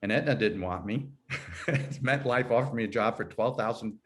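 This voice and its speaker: A man's voice: medium pitch, normal speed. Rambling man in his sixties. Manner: rambling, self-correcting, laughs easily. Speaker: guest, HR consultant. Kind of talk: conversational interview.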